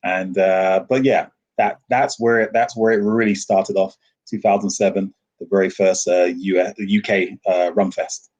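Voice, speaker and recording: Husky low-voiced enthusiastic man. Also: normal speed. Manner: enthusiastic, animated storyteller who laughs often. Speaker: guest, rum ambassador. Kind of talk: podcast interview. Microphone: video call.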